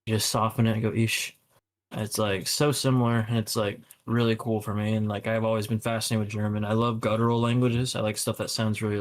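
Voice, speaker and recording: A young man co-hosting a podcast in casual chat, rambling with lots of fillers and swearing. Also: lowish voice. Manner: rambling, full of fillers and profanity. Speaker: podcast co-host.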